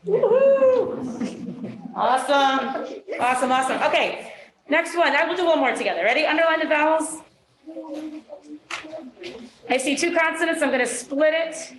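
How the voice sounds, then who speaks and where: A woman with a high, fairly quick voice teaches phonics to young children, upbeat and supportive. The classroom recording is echoey, with crowd noise and kids' voices in the background.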